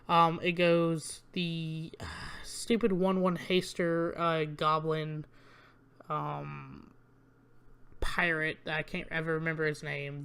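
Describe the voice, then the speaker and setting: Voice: mid-range voice, a bit bright, clean tone. Rambling casual card game reviewer. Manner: rambling, full of ums and uhs, grumbles about cards; reads card text aloud in a list-like way.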